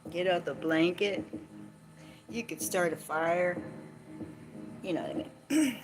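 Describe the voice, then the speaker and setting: A woman's voice: on the low side, slow, low-quality recording. A woman vlogging in a casual, chatty and playful way, rambling and laughing often. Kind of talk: casual chat.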